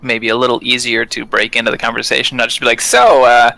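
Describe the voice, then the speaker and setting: A man playing in a tabletop game, talking loudly and animatedly with quick asides. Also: medium pitch, completely flat delivery, gravelly, low-quality recording. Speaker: player. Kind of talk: casual tabletop play.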